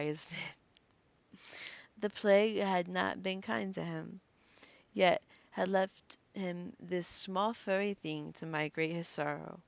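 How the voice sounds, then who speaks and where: A woman's voice: mid-range voice, creaky, dry recording, lo-fi sound. A young woman reading a story aloud on a live stream, stumbling over names and breaking off to react and laugh.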